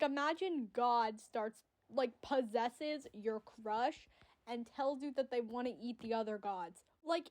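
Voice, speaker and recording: A woman giving casual, excitable fan commentary on a story, rambling and swearing freely. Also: on the high side. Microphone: audio-only recording.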